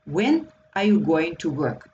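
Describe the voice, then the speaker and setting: A teacher speaking English, taking each point slowly and patiently, pausing on hesitations and correcting themselves mid-sentence. The voice sits at a middle pitch, with a faint hum of room ambience underneath. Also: sing-song, a little mellow, dull audio. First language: Slovak. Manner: patient, explanatory, frequent hesitations and self-corrections. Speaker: language teacher. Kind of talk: recorded language lesson.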